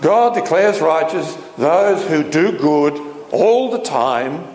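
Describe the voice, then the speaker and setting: A man's voice: fairly high pitch, animated, slow, a little mellow. A man preaching a sermon with emphatic delivery and frequent rhetorical questions. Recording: echoey hall with faint noise.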